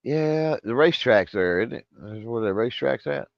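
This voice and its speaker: East texas dude, easygoing, says yeah a lot, muffled dry mic. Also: male voice, mid-range voice, animated, moderate pace, gravelly, no echo. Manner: laid-back, short agreeing interjections. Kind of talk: casual chat. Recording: dry, dull lo-fi sound.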